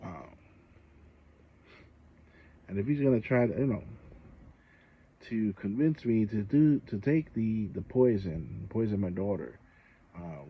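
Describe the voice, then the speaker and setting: Husky man venting in a casual vlog. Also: on the low side, muffled recording. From Samoa. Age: adult parent. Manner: indignant, exasperated storytelling with rising outbursts; frequent fillers and restarts, conversational. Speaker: channel host.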